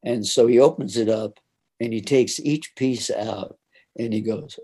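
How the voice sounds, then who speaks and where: A man's voice: mid-range voice, steady tone, normal speed, dark tone, slightly rough. An older man telling a story from his career in a casual interview, acting out the voices of the people in it and laughing often.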